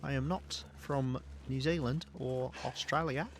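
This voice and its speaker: A man's voice: medium pitch, fairly even intonation, a little slow, a little hiss or hum. A man with a British accent giving casual, chatty gameplay commentary as a livestreamer, talking to his chat and swearing now and then. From United Kingdom.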